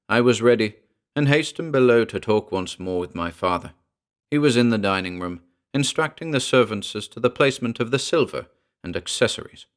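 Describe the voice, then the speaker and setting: A man narrating a first-person horror story in a measured, earnest way. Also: lowish voice, a bit bright. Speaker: audiobook narrator. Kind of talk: scripted narration.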